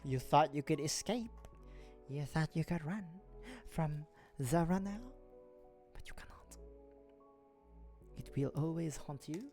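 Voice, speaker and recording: A man's voice: a little high, slow pace, long pauses, a little mellow. A menacing stalker taunts in a hammy fake French accent, put on by a man. The voice is jokey and theatrical, with faint music playing underneath. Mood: mock menacing.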